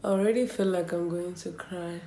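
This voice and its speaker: A woman's voice: fairly low pitch, steady tone, moderate pace, mellow. A young woman from South Africa, chatting casually and nervously to camera in a home vlog, thinking aloud as she goes. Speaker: beauty vlogger. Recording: echoey room.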